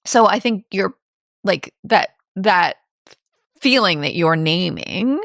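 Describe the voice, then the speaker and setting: A woman podcast co-host, chatting in an animated way as she retells scenes and laughs along. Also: medium pitch, slow pace, gravelly, dry recording, studio quality. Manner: animated storyteller, laughs often. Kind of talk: casual discussion.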